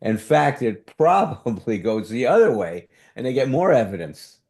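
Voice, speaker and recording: A man's voice: medium pitch, very animated, normal speed, darkish tone. A man teaching a relationship workshop in a conversational way, sometimes acting out what defensive speech sounds like. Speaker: workshop leader.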